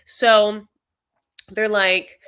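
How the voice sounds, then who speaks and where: A woman's voice: mid-range voice, little pitch movement, very slow, fairly bright tone, clean tone. A woman hosting a casual chat, rambling through a recap with lots of fillers and acted-out quotes. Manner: rambling, filler-heavy, acts out quotes in funny voices. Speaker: host.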